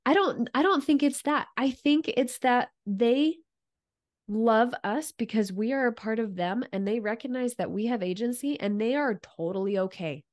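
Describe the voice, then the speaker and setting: A woman's voice: fairly high pitch, normal speed. A woman hosting a faith podcast, who muses earnestly and speaks in bursts of emphasis. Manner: earnest and musing, with frequent restarts and bursts of emphasis. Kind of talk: reflective faith conversation.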